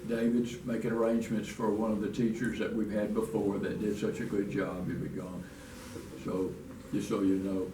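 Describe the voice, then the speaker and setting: A man's voice: on the low side, flat delivery, moderate pace. A man teaching a church Bible lesson in a folksy, restarting way, reading scripture aloud. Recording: echoey room from far off, faint noise.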